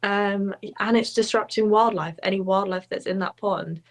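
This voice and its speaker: A woman's voice: medium pitch, fairly even intonation, normal speed. A woman co-hosting a casual nature chat with a wry, playful manner. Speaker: podcast co-host.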